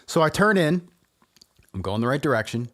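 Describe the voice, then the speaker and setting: A man's voice: fairly high pitch, sing-song, normal speed, fairly bright tone. A man co-hosting a podcast in casual chat, laid-back and teasing, giving mock-professional advice to his friend. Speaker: podcast co-host.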